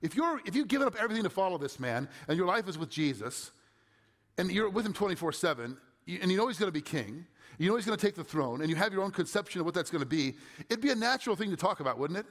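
A man's voice: high-pitched, big pitch swings, quick pace, fairly bright tone. Man preaching in a reverberant sanctuary. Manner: conversational, rhetorical questions. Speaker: pastor. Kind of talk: sermon with scripture reading. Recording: long hall reverb.

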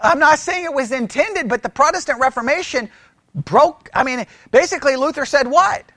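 A pastor teaching church history as a sermon-style lecture, animated, asking the room questions and often restarting his words. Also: very high-pitched, normal speed, dry recording. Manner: animated, asks the room questions, mimics critics.

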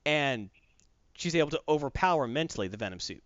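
Brief: male co-host, animated storyteller, muffled dry sound. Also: fairly high pitch, fairly quick, no echo. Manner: animated storytelling, acting out characters. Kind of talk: casual comic book chat.

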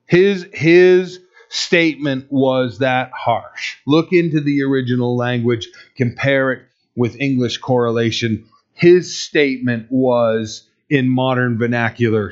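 Male pastor, slow deliberate sermon delivery, emphatic and conversational, dull lo-fi recording. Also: medium pitch. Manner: conversational, emphatic, rhetorical questions to the congregation.

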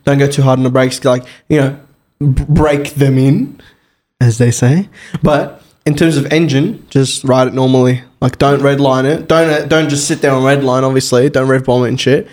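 A man's voice: mid-range voice, fairly even intonation, normal speed, darkish tone. A man co-hosting a podcast about motorbikes, chatting casually, swearing freely and acting out anecdotes. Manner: laid-back, swears freely, acts out anecdotes. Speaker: podcast co-host. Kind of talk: casual chat.

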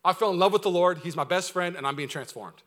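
A man preaching a sermon as pastor, energetic, swinging from loud urgent preaching to quiet, close asides. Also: high-pitched, fast.

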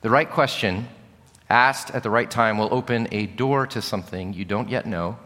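A man's voice: lowish voice, moderate pace, sharp tone. A middle-aged male pastor preaching a sermon with earnest, candid storytelling. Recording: long reverb of a large hall.

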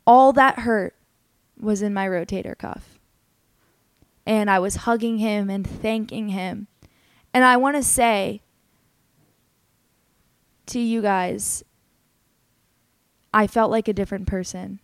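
A woman's voice: mid-range voice, slow pace, long pauses, dry recording. A young adult woman hosting a podcast, telling a personal story in an earnest, candid, emotional way, with many "like" fillers. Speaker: podcast host.

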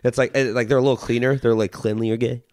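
A man on a casual comedy podcast, cracking crude rapid-fire jokes and laughing often. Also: mid-range voice, little pitch movement, darkish tone. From United States.

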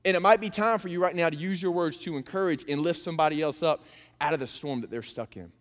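A man's voice: a little high, fast. Man preaching in a reverberant hall. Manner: animated, folksy preaching with storytelling. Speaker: pastor. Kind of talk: sermon.

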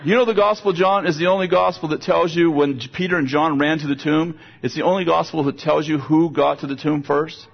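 A man's voice: on the high side, fairly even intonation, fairly quick, gravelly, few pauses, slight background noise. An older man preaching a sermon in a conversational way, often repeating words as he builds a point. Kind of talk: sermon with storytelling. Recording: dull, lo-fi sound.

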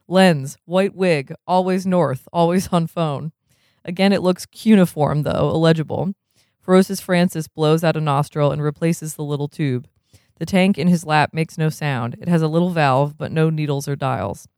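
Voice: medium pitch, moderate pace, a little mellow, no room sound, clean studio sound. A reader reading a novel aloud, chuckling often and breaking off for casual comments.

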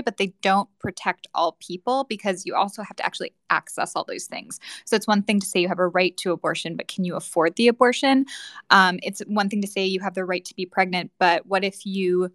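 Woman advocate on a panel, measured explainer, dry close sound. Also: mid-range voice, a bit bright, no echo. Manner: explanatory, measured, frequent fillers. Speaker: panelist, advocacy organization staff. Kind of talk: panel discussion.

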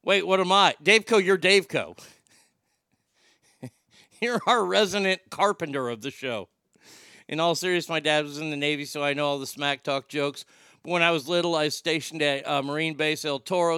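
A man's voice: a little high, bright, forceful tone, clear, resonant tone, no echo, clean studio sound. A man from Oklahoma hosting a livestream, reading out viewer comments with jokes and banter. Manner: bantering, joking, reads comments aloud. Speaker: livestream host.

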